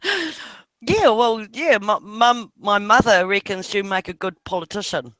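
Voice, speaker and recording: A man's voice: high voice, unhurried, fairly bright tone, dry recording. A man with a New Zealand accent chatting casually with a friend on a video call, laughing often and swearing offhandedly while talking about his kids. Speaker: father. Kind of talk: casual chat on an online video hangout.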